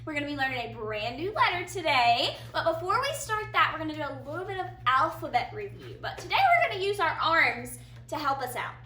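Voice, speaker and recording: A high, lively woman's voice that swoops through a phonics lesson for small children, slow and sing-song, with big warm praise after each answer. The tone is bright and clear. Her voice carries the roomy echo of a classroom, heard from a little way off the mic over a faint hiss. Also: recorded from a distance. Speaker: teacher.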